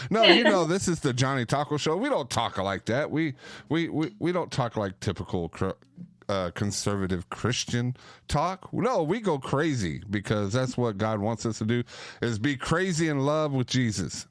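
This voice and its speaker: A man's voice: medium pitch, very animated, moderate pace, dry recording, clean studio sound. A man hosting a podcast, chatting with guests in a playful, joking way. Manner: jokey, playful. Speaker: podcast host. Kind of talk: lively casual chat.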